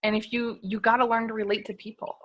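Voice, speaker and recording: A woman on a video call giving an energetic, emphatic motivational sales talk, peppered with "like" and "you guys". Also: a little high, fast talker, slight background noise. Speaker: guest speaker on a sales team call.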